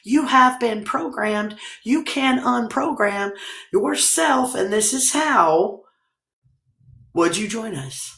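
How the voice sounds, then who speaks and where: Woman chatting on her live stream, rambly and laughy, kinda gravelly, echoey room. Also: on the high side, expressive, takes it slowly, a bit bright. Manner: rambling, laughs often, swears casually. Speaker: livestream host. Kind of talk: casual rambling livestream chat. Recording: roomy echo.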